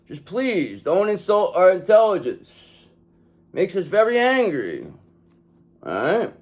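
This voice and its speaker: A man gives a tarot reading in a swaggering, gangster-tinged manner, tossing in "okay?" again and again. His voice sits a little high and swings widely up and down as he talks. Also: normal speed. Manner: animated, streetwise gangster-style talk with repeated "okay?"; acts out pleading enemies in a high voice. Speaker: tarot reader.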